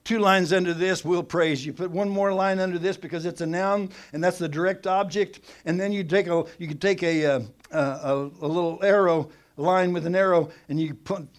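A middle-aged man preaching a sermon, teaching with animated emphasis that swings between loud and soft. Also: high-pitched.

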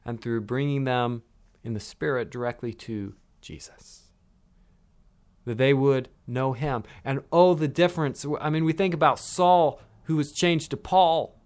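A man preaching a sermon, swinging between soft, hushed lines and loud, emphatic ones. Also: mid-range voice, a little slow, clean tone. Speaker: pastor.

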